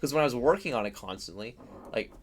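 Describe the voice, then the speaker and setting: A young man from Missouri with a Midwestern accent, co-hosting a podcast and talking in an earnest, halting way with many fillers. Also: medium pitch, animated, a little hiss or hum. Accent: Midwestern American. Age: young adult. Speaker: podcast co-host. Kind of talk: casual chat.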